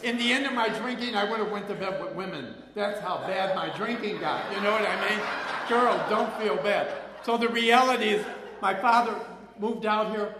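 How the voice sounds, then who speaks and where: A man's voice: sits high, moderate pace, a crowd in the background. Rambling older man telling his story, echoey. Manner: rambling, chatty, laughs often, repeats phrases. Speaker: recovery meeting speaker. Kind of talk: personal testimony storytelling. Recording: echoey hall with long reverb.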